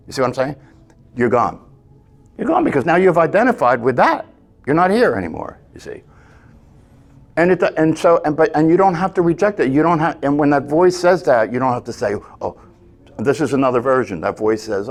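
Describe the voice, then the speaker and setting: A man's voice: on the high side, expressive, normal speed. A man teaching a meditation class, talking earnestly, often checking in with "right?" and restarting his phrases.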